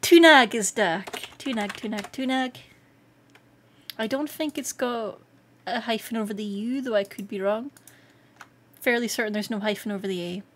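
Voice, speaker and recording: A Scottish woman streaming live, chatting casually with viewers, excitable and quick to laugh. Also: a little high, a little hiss or hum. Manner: excitable and giggly, laughs often. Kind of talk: casual livestream chat.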